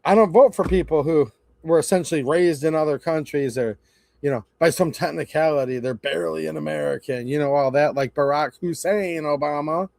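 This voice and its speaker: A man's voice: fairly high pitch, fairly quick, vocal fry, darkish tone, no room sound. A man hosting a casual livestream, talking in a sarcastic, rambling, mocking way. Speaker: channel host.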